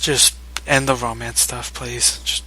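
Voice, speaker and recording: A man's voice: medium pitch, little pitch movement, measured pace, pushed and bright, slight background noise, low-quality recording. A man chatting casually as a co-host, joking and laughing often. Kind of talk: casual chat.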